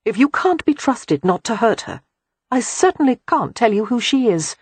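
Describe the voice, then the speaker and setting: A woman's voice: on the high side, very animated, moderate pace, husky, no echo, voice pushed up. The audiobook narrator voicing a grim, wary young woman.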